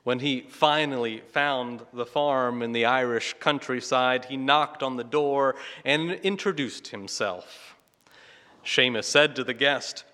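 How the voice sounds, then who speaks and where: A man's voice: mid-range voice, slow, bright, forceful tone. A man preaching a sermon, telling a story and asking rhetorical questions with light chuckles. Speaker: pastor. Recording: long hall reverb.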